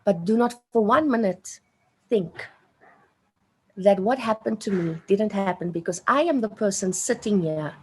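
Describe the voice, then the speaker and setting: In poor, slightly rough audio, a woman with an animated mid-range voice speaks unhurriedly. She has a South African accent and is in her late thirties or older. As an interview guest, she tells a personal story with earnest emotion, repeating phrases to emphasize them.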